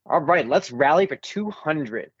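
A man's voice: fairly high pitch, animated, unhurried, slightly rough, no echo. A man hosting a casual car quiz game, reading out clues with playful asides. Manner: playful, reads clues aloud. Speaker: quiz host. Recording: muffled lo-fi audio.

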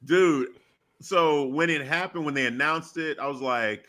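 A man co-hosting a live talk stream in loose, animated casual chat, laughing often. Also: a little high, unhurried, a little hiss or hum. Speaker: co-host of a wrestling talk stream.

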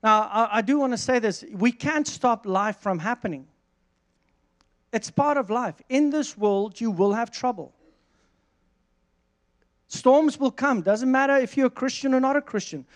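A man preaching a sermon, reading verses and telling a lively personal story with frequent restarts. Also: very high-pitched, measured pace, pauses often. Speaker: pastor.

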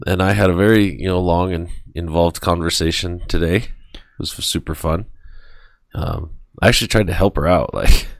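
Casting: animated low-voiced podcast man, laughs a lot, dry close sound. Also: normal speed, creaky, no echo. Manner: animated, laughing, acts out phone calls. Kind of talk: casual chat.

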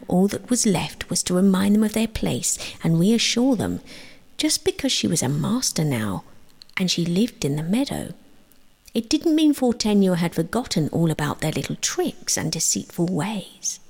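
A woman reading her own sleep story aloud, gentle and slow, often dropping into a whisper. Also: mid-range voice. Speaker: storyteller and author.

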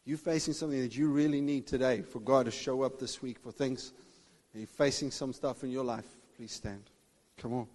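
A man preaching a sermon with fervour, swinging between shouted declarations and hushed asides. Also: medium pitch, fairly even intonation, brisk. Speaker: pastor. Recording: long reverb of a big hall.

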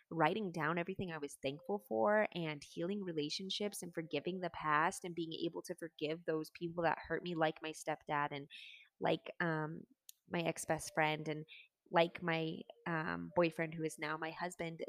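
A woman's voice: deep voice, fairly even intonation, moderate pace, no echo. A woman in her twenties telling her personal story in a candid, earnest way, with casual fillers.

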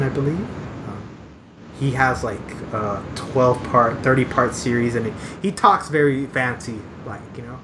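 A man talks in a loose, rambling way, full of likes and ums, often laughing at himself. His voice sits at an ordinary middle pitch. A clear, steady noise hums under his voice throughout. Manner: rambling, self-deprecating, many fillers and restarts. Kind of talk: casual chat.

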